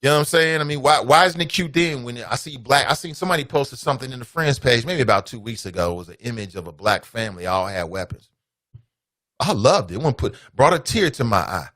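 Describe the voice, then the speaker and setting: A man's voice: medium pitch, lively intonation, quick pace, bright, forceful tone, no room sound, clean studio sound. A man with a Cincinnati accent hosting a call-in radio show, lecturing listeners as family. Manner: preachy, addresses listeners as family. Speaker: radio talk show host. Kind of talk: call-in talk radio monologue.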